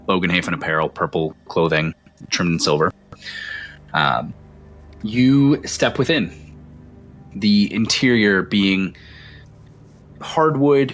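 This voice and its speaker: A man's voice: low voice, a bit bright. A man narrating a fantasy tabletop game as game master, describing scenes in a loose, rambling way with fillers.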